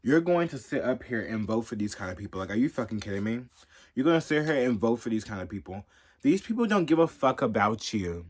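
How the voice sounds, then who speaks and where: A man's voice: medium pitch, very animated, a little fast, darkish tone, husky. A man ranting angrily and cursing constantly in a casual vlog monologue. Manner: profane, heated, ranting. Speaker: commentator. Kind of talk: angry rant vlog.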